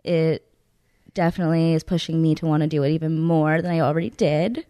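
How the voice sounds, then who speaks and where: A woman's voice: low-pitched, steady tone, fairly quick, warm tone, dry recording, studio quality. A woman guest on a family podcast in casual chat, talking in an easygoing, heartfelt way. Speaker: podcast guest, cousin of the hosts.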